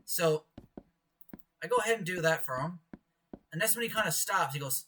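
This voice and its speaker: A man's voice: high-pitched, expressive, normal speed, long pauses, bright, forceful tone. A young man from Canada casually telling work stories as a podcast co-host, rambling with many fillers and bursts of animation. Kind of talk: casual storytelling over gameplay. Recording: distant mic with clear background noise.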